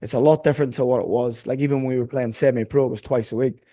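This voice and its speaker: A man from Northern Ireland, a former footballer co-hosting a sports podcast, telling quick chatty stories. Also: medium pitch, steady tone, dark tone, no room sound. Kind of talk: casual sports chat.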